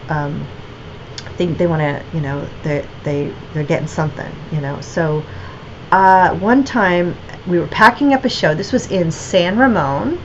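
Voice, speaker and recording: A woman's voice: on the low side, highs cut off, a little hiss or hum. Rambling woman chatting on a livestream. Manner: rambling, many fillers and restarts. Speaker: artist and gallery owner. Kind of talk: casual livestream chat.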